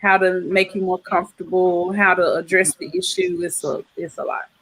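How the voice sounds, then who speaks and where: Husky-voiced woman. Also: on the low side, very animated, normal speed, a bit bright, rough recording. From the American South. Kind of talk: casual group chat.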